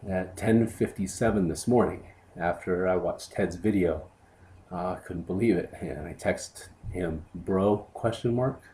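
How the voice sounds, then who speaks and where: A man who reviews hot sauces, giving a heartfelt spoken tribute to a friend in a subdued, halting way. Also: low-pitched, dark tone.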